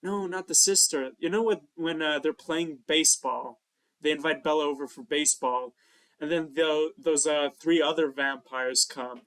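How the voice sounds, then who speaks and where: Bright, slightly high-voiced podcast guy. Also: normal speed. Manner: rambling, many "uh" fillers, laughs easily. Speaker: podcast co-host. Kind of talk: casual chat.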